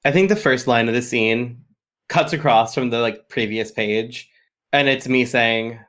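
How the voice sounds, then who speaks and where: A man's voice: mid-range voice, measured pace, a bit bright. A man playing a tabletop game, describing his moves in a rambling way full of fillers. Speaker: player. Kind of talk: casual tabletop game chat.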